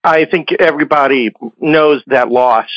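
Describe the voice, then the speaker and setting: A man's voice: a little high, measured pace, a bit bright, no echo. A man co-hosting a comics history podcast, talking with fannish enthusiasm and trailing restarts. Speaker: podcast co-host. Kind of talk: casual interview talk. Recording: dull lo-fi audio.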